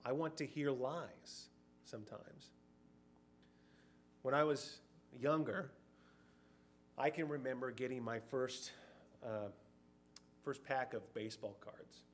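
A man's voice: medium pitch, takes it slowly, pauses often. Conversational male preacher. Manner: conversational, acts out short quoted voices. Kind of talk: sermon.

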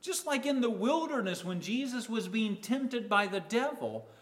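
High-pitched man preaching a sermon. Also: big pitch swings, moderate pace. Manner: acts out a disciple's words in quoted asides; rises in loudness and falls to near silence.

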